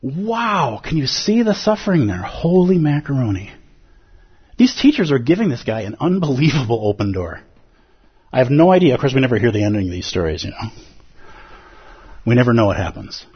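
A man giving a lively, playful dharma talk as a Zen teacher, acting out inner voices. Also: mid-range voice, normal speed, husky, dull audio.

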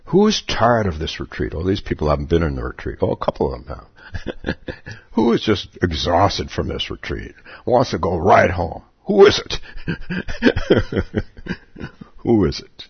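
A man's voice: deep voice, huge pitch swings, measured pace, vocal fry, long pauses, husky, no room sound. A man giving a dharma talk as a Zen meditation teacher at a retreat, playful, chuckling often and repeating his questions. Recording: dull lo-fi recording.

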